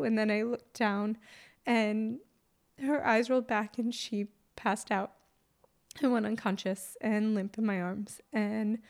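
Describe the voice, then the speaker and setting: A young adult woman, a mother, telling a personal story in an emotional, halting way with many pauses and fillers. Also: mid-range voice, steady tone, a little mellow.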